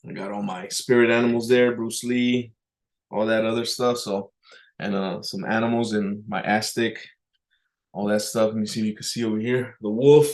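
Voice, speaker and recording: A man hosting a casual talking-head vlog, rambling and halting with many fillers and restarts and often clearing his throat, sometimes pushing hard emphasis into his words. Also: on the low side, fairly even intonation. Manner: pushes emphasis into words on purpose as speaking practice. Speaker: vlog host.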